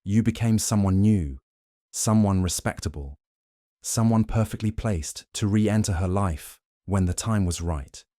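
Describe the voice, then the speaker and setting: A man voicing a shrewd, theatrical male detective, delivering measured, dramatic accusations sprinkled with French phrases in an audiobook reading. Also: lowish voice, warm tone, no room sound, studio quality, close to an everyday voice. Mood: accusing.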